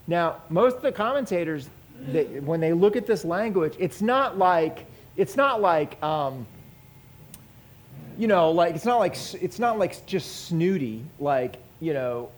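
A man's voice: high-pitched, moderate pace. A man teaching a Bible passage in a conversational way, asking his listeners questions and acting out the people in the story. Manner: animated, asks the audience questions.

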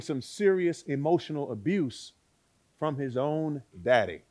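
A man preaching a sermon, with dramatic swings between loud exclaiming and hushed words and rhetorical questions to the listeners. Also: fairly high pitch, expressive, unhurried.

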